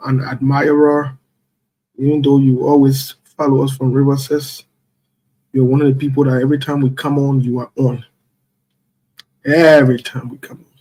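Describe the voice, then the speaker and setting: A husky-voiced man runs a loose, chatty live stream. He reads out viewers one after another with a playful, chuckling ease, and his voice sits in an ordinary middle register. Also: medium pitch, mellow. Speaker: livestream host. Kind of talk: casual live-stream chat, reading out viewers.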